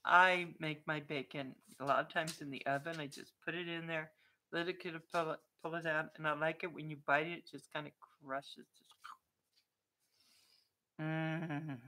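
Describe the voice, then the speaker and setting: A woman's voice: low voice, fairly even intonation, brisk, bright, forceful tone. A woman vlogger in a casual live-stream chat with viewers, chatty and playful, often laughing and breaking off to talk to her dog.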